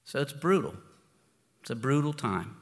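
A man preaching in a relaxed, storytelling way, circling back and restarting his phrases as he goes. His voice sits at an ordinary middle pitch. A long reverb trails each phrase, as in a large hall. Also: normal speed, vocal fry. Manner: informal and storytelling, with frequent restarts and "you know". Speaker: pastor. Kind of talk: conversational sermon.

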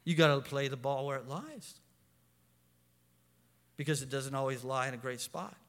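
A middle-aged man preaching a sermon as pastor, animated and storytelling, with frequent restarts. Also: medium pitch, normal speed. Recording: long hall reverb.

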